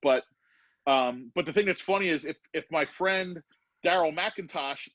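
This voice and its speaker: A man's voice: on the high side, unhurried, fairly bright tone, no echo, lo-fi sound. A man telling a story in casual podcast talk, acting out the voices of the people he quotes. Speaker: podcast guest.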